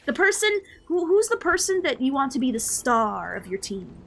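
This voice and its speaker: A woman live streaming a game, chatting casually with her viewers in an animated, playfully ranting and mock-scolding way. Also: high-pitched, normal speed, vocal fry, soft background music. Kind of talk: casual gaming stream chat.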